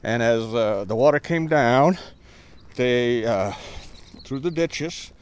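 An older man gives a storytelling tour and reads aloud from his own book, pausing often on "uh" between phrases. His pitch sits in an ordinary middle range for a man. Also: lively intonation, clean tone. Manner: hesitant, with frequent uh pauses. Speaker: author and tour guide.

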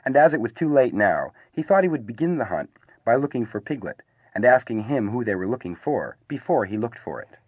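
Man reading a children's story, lively. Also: mid-range voice, fairly quick, husky, no room sound. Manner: lively, gently wry narration. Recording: slightly dull, dry recording.

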